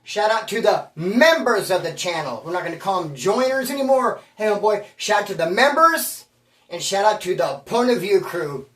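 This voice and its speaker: A man's voice: high-pitched, very animated, moderate pace, a bit bright, distant mic. A man hosting his channel, telling stories in a casual, slangy, self-mocking way. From Bakersfield, California. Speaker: channel host. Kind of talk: casual storytelling monologue. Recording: roomy sound, voice away from the mic.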